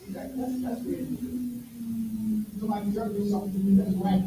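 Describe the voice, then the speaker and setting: A man's voice: high voice, moderate pace. Man preaching in an echoey room. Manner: loud bursts and sudden drops, emphatic. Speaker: pastor. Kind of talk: sermon. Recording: echoey room from far off, faint noise.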